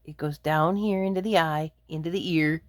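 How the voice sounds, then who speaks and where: A woman rambling casually to her viewers while in pain from a migraine, speaking low and quiet, wandering off her thread and laughing often. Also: fairly even intonation, moderate pace, no echo. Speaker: vlogger. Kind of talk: casual rambling monologue to camera.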